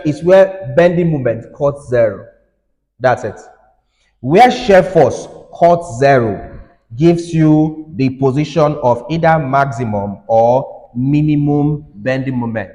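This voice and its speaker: A man's voice: on the high side, a little mellow. A male engineering lecturer teaching a classroom lecture, repeating himself and urging students to listen. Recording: reverberant hall.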